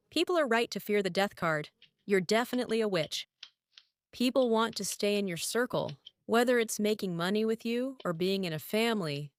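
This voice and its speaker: Woman doing a tarot reading to camera, mid pitch, repeats herself a lot, dry close sound. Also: smooth, no echo. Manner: musing, repeats herself, talks straight to the viewer. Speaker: tarot reader.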